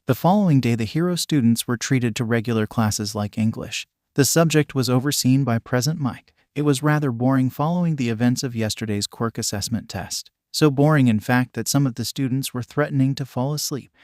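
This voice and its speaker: A man with a mid-range voice narrates a story at a steady, even pace. He keeps the delivery flat and measured, barely shifting for the characters. The sound is dry and close, with no room around it. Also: mid-range voice, no echo. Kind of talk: scripted fan-fiction narration.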